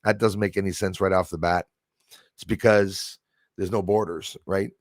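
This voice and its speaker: A man's voice: sits low, fairly even intonation, moderate pace, dry recording, studio quality. A man from Canada hosting a casual livestream, talking in an emphatic, rambling way with many fillers and restarts. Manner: reads out and thanks viewers in chat. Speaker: livestream host.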